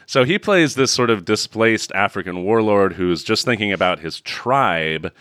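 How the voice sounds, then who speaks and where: A man co-hosting a casual chat about a movie, sarcastic and quick to laugh. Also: lowish voice, no echo, studio quality. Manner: animated, laughs often, sarcastic. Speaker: podcast co-host.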